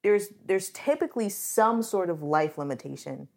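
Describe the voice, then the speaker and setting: A woman's voice: medium pitch, expressive, moderate pace, creaky, darkish tone. A woman co-hosting a casual podcast chat, talking in an earnest, emotional way that comes close to tears. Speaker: podcast co-host.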